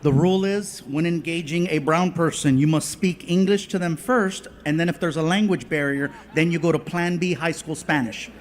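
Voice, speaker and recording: High-voiced stand-up comedian, live. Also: male voice, normal speed, few pauses, long reverb tail. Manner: storytelling, animated, slips into voices. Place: on stage before a live audience. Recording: noisy live comedy club recording.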